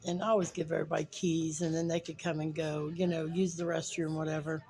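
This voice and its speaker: A woman's voice: low voice, flat delivery, fairly quick, mellow, low-quality recording. A woman in her fifties telling a funny personal story in a chatty way, with fillers and acted-out quotes. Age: 50s. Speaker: vlogger.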